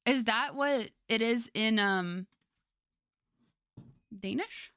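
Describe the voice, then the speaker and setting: A woman's voice: a little high, drawn-out words, fairly bright tone, clear, resonant tone, no echo, clean studio sound. A young woman streamer chatting casually with her viewers, rambling with lots of fillers and frequent laughter.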